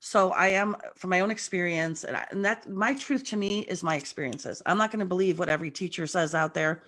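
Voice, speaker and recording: The guest medium, a woman on a video call, keeps up a chatty, animated flow of stories in casual talk. Her fairly low voice moves at a brisk clip and sounds a bit rough from the morning.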